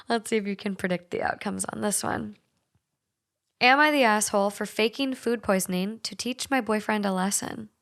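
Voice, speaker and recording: A woman's voice: mid-range voice, fairly bright tone. Woman, young adult, podcast host, light Minnesotan accent, casual, frank, swears a lot. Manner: frank, swears freely, chatty. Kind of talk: casual podcast chat and story reading.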